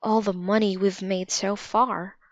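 A woman's voice: medium pitch, flat delivery, measured pace, no room sound, natural voice. A woman reading a shaken grown man. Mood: worried. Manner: shaky when distressed. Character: upset adult man, museum planner. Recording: slightly dull lo-fi recording.

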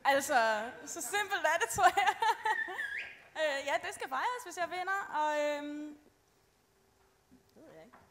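A woman's voice: sits high, expressive, measured pace, pauses often, fairly bright tone, slight background noise. A young woman pageant contestant, an actress, answering in a giggly, offhand way. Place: live pageant stage.

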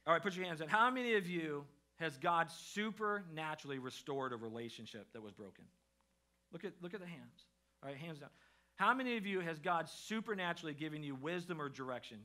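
A middle-aged man preaching a sermon as pastor in a church, in a conversational style that rises in intensity. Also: fairly high pitch. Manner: conversational preaching with a lively rising delivery. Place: church sanctuary.

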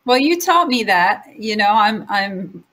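A woman hosting a casual interview, who talks in a halting way and often says "you know". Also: medium pitch, sing-song, a bit bright. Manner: hesitant, with many "you know"s and restarts. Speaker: talk show host.

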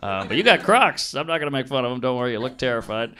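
A man's voice: medium pitch, very animated, quick pace. Crude, self-mocking stand-up man. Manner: blunt, crude, self-mocking crowd work. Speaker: stand-up comedian. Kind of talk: improvised stand-up set. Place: comedy club stage before a laughing audience. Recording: live club recording with audience noise.

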